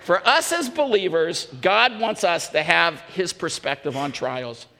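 A man's voice: high voice, lively intonation, a little slow, pushed and bright. A male pastor preaching a sermon with earnest emphasis, repeating questions. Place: church hall. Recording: echoey church hall.

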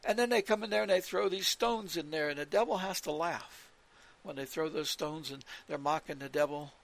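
Emphatic high, gravelly male preacher. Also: a little fast. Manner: emphatic, repeats points, cites scripture verses. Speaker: religious radio teacher. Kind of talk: preaching scripture talk.

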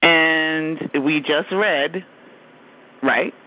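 A man's voice: fairly high pitch, very slow. A man hosting a reading group, chatting casually and encouraging the readers. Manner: warm, encouraging, praises readers. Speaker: host. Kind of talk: casual chat. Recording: tinny phone line with faint noise.

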